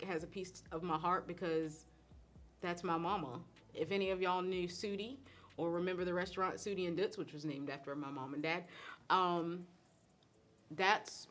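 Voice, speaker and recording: A middle-aged woman, chatting casually on a live stream as a host and cook, animated and laughing often. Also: fairly low pitch. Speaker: host and cook answering viewer questions.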